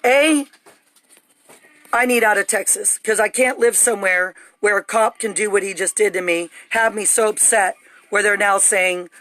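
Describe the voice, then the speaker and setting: A woman's voice: medium pitch, moderate pace, fairly bright tone, no echo. Agitated woman ranting into her phone. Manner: agitated, urgent, rambling. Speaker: livestreamer. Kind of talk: live phone stream. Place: home, indoors.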